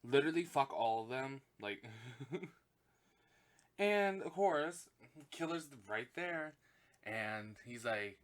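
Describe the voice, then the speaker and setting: A man hosting a podcast, recapping a film in casual chat, swearing constantly and gushing or fuming as he retells the plot with fillers and quick self-corrections. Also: medium pitch, expressive, fairly bright tone. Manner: profane, gushing and indignant, heavy swearing. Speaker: podcast host.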